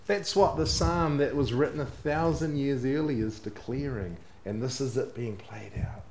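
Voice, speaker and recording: A man's voice: normal speed, hardly any pauses, a little hiss or hum. Earnest man preaching in an echoey room. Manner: earnest, drops to soft low tones at phrase ends. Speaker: pastor. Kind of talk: sermon.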